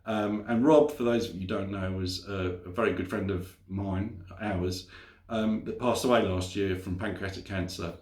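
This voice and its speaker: A man vlogging to camera and telling a story in a rambling, self-correcting way. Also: on the low side. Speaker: motorcycle vlogger. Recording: roomy echo.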